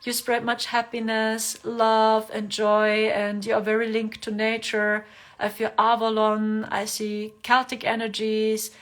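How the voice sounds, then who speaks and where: Brief: woman livestream host, gentle repetitive delivery, slightly high voice. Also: completely flat delivery, a little slow. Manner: gentle, repeats words for emphasis. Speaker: livestream host giving spiritual readings. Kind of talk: casual livestream chat.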